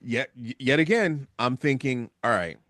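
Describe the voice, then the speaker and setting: A man talking casually on a radio show, rambling with lots of fillers and jumping up in pitch when excited. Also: moderate pace, no echo, clean studio sound. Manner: animated, rambling, frequent fillers. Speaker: guest commentator. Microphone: studio microphone.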